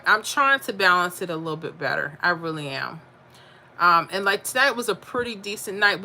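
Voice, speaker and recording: Woman host, chatty, bright tone, answers chat on her live stream. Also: medium pitch, a little hiss or hum. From Florida. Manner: chatty, reads viewer comments aloud and answers them. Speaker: livestream host reading chat. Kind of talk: casual livestream chat.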